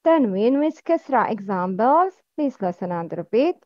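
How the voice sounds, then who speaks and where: A woman teaching Arabic letters, drilling words slowly and asking the listener to repeat after her. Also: a little high, very animated, darkish tone, no echo. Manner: slow, careful drilling with repeat-after-me prompts. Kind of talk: slow recorded lesson. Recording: dull, lo-fi sound.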